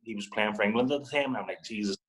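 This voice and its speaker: This young football guest from Northern Ireland talks very fast in a lowish voice, telling a story in casual chat. He's animated, swearing and acting out other people's words. The audio is poor.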